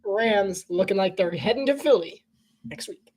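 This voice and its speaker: A woman giving casual live commentary on a football game, chatty and playful and quick to laugh. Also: medium pitch, expressive, darkish tone.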